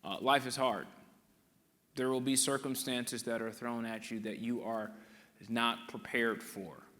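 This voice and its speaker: A man giving a live motivational talk, telling stories and acting out what people said in an animated way. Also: mid-range voice, measured pace. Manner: animated storyteller acting out quotes. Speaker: motivational speaker. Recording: echoey hall sound.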